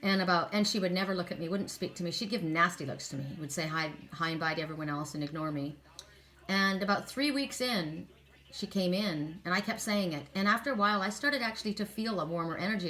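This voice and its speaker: This middle-aged woman reads oracle cards in a chatty, earnest way, spinning stories with plenty of asides and "you know"s as casual spiritual talk. Her voice is lowish and fairly bright.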